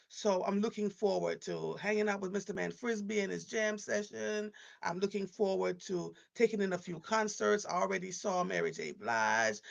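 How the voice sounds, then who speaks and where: Gravelly-voiced woman in her fifties chatting. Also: medium pitch, highs cut off. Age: 50s. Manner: rambling, chatty storytelling with restarts. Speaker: live show host. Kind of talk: casual live-stream chat.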